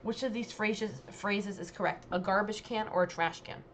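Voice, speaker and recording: A young woman vlogger chatting casually, reading quiz questions aloud and thinking out loud about her answers. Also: mid-range voice, normal speed, slight background noise.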